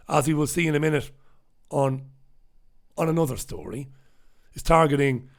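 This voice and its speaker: An Irish man hosting a solo newspaper review show, talking bluntly and sarcastically with profane asides while he reads out viewers' comments. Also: a little high. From Ireland. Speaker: host. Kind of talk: solo news review show, reading live chat comments.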